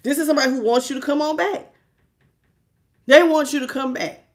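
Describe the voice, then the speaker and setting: A woman's voice: sits high, brisk, a little hiss or hum. A woman doing a tarot reading to camera, sassy and emphatic, often laughing as she talks. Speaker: tarot reader.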